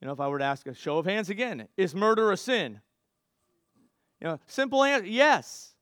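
A man delivers a sermon in a slightly higher voice, talking to the congregation as if in conversation. He breaks off, restarts and throws in asides. The sound is dry and close, with no room around it. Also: expressive, normal speed, a bit bright, no room sound. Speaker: pastor.

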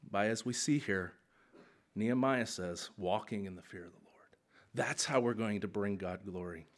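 A man in his thirties, a pastor preaching a sermon in an animated, conversational way. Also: medium pitch.

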